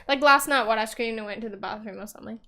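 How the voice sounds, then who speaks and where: A woman's voice: on the high side, fast talker, bright, forceful tone. A young woman co-hosting a podcast in casual chat, telling stories and giggling often. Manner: chatty storyteller, giggles often. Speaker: podcast co-host.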